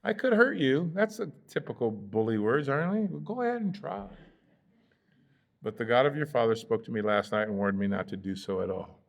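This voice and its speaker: A man's voice: on the low side, animated, a little fast, gravelly. A man with an American accent, a pastor teaching a Bible study in a conversational way, with fillers and playful asides where he acts out the characters. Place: church sanctuary.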